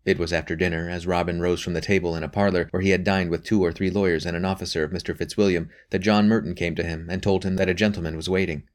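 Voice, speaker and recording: A man narrates a novel aloud. His delivery is measured and even, and his voice sits very low. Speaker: audiobook narrator. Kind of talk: scripted narration.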